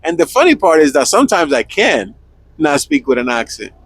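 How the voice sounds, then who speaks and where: A man's voice: fairly high pitch, sing-song, fairly quick, breathy edge, no echo, low-quality recording. A young man with a Spanish accent co-hosting a trucking podcast in a laid-back, joking chat, swearing freely. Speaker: podcast co-host, truck driver. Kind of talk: casual chat.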